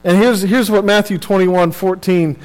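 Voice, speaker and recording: High-voiced young male preacher, long reverb. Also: fairly even intonation, moderate pace, soft background music. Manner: earnest, conversational preaching with repeated phrases and asides. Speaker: pastor. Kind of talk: sermon.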